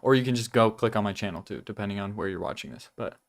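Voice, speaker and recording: A man's voice: lowish voice, quick pace. A young man hosting a casual weekly vlog, chatting loosely about his life while chewing gum and swearing now and then. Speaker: vlog host.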